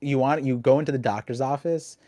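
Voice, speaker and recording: A young adult man hosting a casual podcast chat, talking in an animated, rambling way with lots of restarts. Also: medium pitch, brisk, no echo, clean studio sound. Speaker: podcast host.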